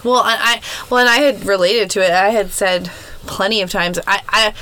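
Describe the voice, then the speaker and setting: A woman's voice: mid-range voice, normal speed, sharp tone, poor audio. Frank, joking woman in her thirties. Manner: frank, joking, laughs often. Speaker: podcast co-host. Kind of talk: casual chat.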